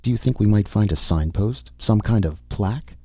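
Man voicing a calm, wry spacefaring woman. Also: on the low side, normal speed, husky, dry recording, pitched above the performer's own voice.

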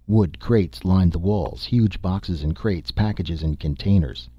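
A man narrating a science fiction audiobook in a measured, even storytelling manner. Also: sits low, breathy edge, dry recording, muffled recording.

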